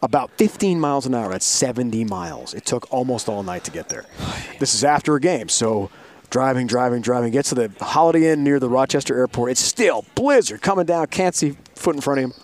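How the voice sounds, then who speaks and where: Animated male sports broadcaster telling a story. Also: medium pitch, brisk. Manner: animated storyteller, acts out quoted voices, laughs often. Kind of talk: storytelling in an interview.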